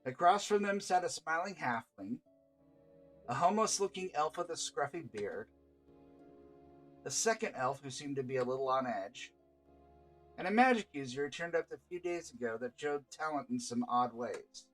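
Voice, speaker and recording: A man's voice: a little high, lively intonation, normal speed, fairly bright tone, faint music behind. Man narrating his own visual novel. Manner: stops to chat and laugh between narration. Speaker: game master and visual novel creator. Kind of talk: reading a visual novel aloud.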